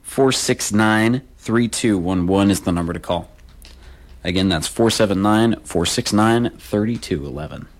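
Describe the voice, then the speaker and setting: Low-voiced casual radio host. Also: male voice, measured pace. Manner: casual, repeats phone numbers, slangy asides. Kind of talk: local radio call-in swap show. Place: radio studio.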